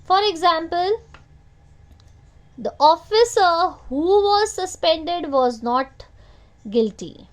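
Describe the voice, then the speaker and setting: Lady teaching kids grammar, slow and high-voiced, keeps asking the class back. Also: animated. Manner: slow, repetitive teacher talk with questions to the class. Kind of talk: online grammar lesson for children.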